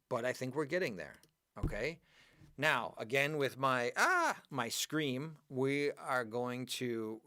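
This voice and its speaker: A man teaching an online English grammar lesson, talking to students by name in a chatty, animated way. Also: medium pitch, no echo, clean studio sound.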